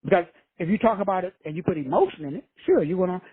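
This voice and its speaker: Man preaching self-help, casual and profane, husky high voice, dry close sound. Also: animated, very fast, no echo, phone-quality sound. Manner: preachy, addresses listeners as brothers and sisters; casual, with frequent swearing. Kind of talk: motivational talk.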